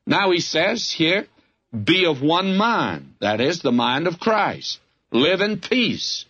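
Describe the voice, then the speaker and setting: A man's voice: on the high side, sing-song, slow pace, a bit bright, husky, lo-fi sound. An older man with a Southern US accent, preaching a folksy, fervent radio sermon that keeps calling the listener "friend". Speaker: radio Bible teacher.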